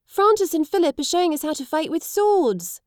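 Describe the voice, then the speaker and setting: Woman voicing a bouncy excited little boy, high piping voice, shouty, dry storybook recording. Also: moderate pace, no room sound. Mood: eager. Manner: high and exclamatory.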